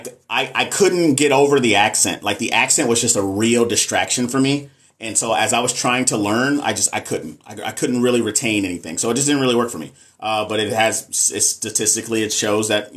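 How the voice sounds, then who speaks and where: A man's voice: on the low side, normal speed, fairly bright tone. A man with a Texas Southern accent, hosting a casual livestream, reading comments aloud and talking candidly about nursing. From American South. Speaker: nurse and livestream host.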